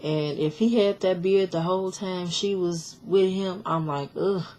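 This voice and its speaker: Low-voiced woman giving a chatty recap. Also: a little slow, a little mellow. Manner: chatty, opinionated, many fillers and restarts; blunt, sassy commentary. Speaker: show recap vlogger. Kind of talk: casual reality-show recap.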